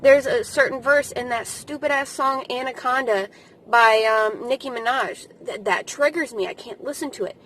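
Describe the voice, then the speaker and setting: A woman's voice: on the high side, moderate pace, a bit bright, a little hiss or hum, low-quality recording. A woman in her thirties giving casual advice to camera in a vlog, blunt, emphatic and freely swearing. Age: 30s. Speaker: vlogger.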